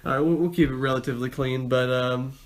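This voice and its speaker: A man's voice: mid-range voice, fairly even intonation, fast talker, low-quality recording. A man hosting a casual chat, upbeat and playful with his co-host.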